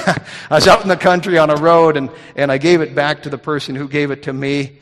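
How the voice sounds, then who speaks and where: A man's voice: fairly high pitch, fast. Middle-aged male pastor, folksy sermon, slightly raised voice, long hall reverb. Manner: folksy storytelling with repeated restarts.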